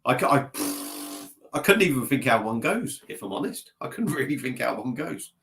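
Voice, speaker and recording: A man's voice: medium pitch, big pitch swings, moderate pace, vocal fry, noisy background. A man with a slightly stuffy nose chatting casually at his desk on a live stream, rambling and making fun of himself. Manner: rambling, self-mocking, chatty, reading out comments. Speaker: beer vlogger live-streaming. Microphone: laptop mic.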